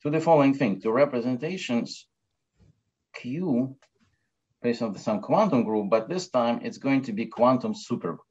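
A man giving an academic mathematics lecture, talking haltingly with many fillers and restarts. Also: mid-range voice, expressive, darkish tone, husky. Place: lecture hall. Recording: dull lo-fi lecture recording.

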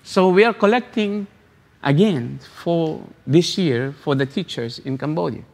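A pastor with a high, creaky voice preaches a sermon at an unhurried pace, hammering his points with repeated phrases and rhetorical questions. He often stumbles and restarts before carrying on. A long reverb surrounds him, like a church sanctuary.

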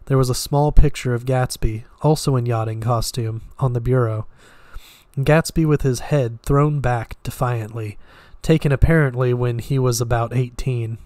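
A man reads a classic novel aloud in a steady, mid-pitched voice, now and then tripping on a word and starting it over. The recording is dry and close, with no room sound. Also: moderate pace, no room sound. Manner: steady, with occasional slips and restarts. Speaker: reader.

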